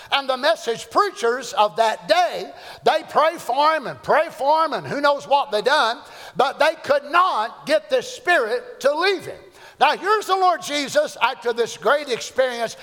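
A man's voice: very high voice, a bit bright. A man preaching a fervent, folksy sermon in a church. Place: church sanctuary. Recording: echoey church hall.

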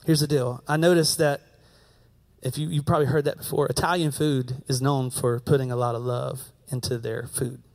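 A man's voice: mid-range voice, steady tone, normal speed, vocal fry, a little mellow. An American man preaching a sermon, telling a story in a conversational way and repeating his key phrases. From United States. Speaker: pastor.

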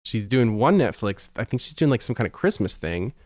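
A man co-hosting a podcast in casual chat, wry and chatty, with quick asides. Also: medium pitch, very animated, a little mellow, no echo, clean studio sound. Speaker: podcast co-host.

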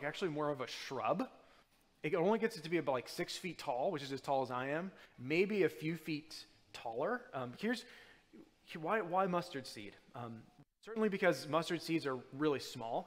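A man's voice: mid-range voice, fairly bright tone. Casual man preaching in a reverberant hall. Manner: casual and halting, with many fillers and restarts. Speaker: guest preacher. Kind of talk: sermon. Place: church.

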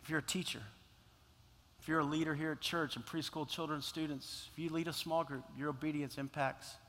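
A man's voice: fairly high pitch, level tone, fairly quick, fairly bright tone, big-room sound. A male pastor preaching a sermon in a church, impassioned and repeating phrases for emphasis. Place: church sanctuary.

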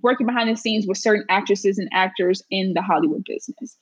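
A woman's voice: medium pitch, fast, husky, dry recording, poor audio. A woman guest talking earnestly and emphatically in a casual interview, repeating her phrases for weight.

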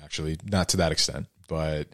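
A man with a low voice talks as a podcast guest. He explains things earnestly in a loose, conversational way, full of fillers. The recording is dry and close. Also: steady tone, a little fast, dry recording. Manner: earnest storytelling, heavy use of fillers. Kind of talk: casual conversation.

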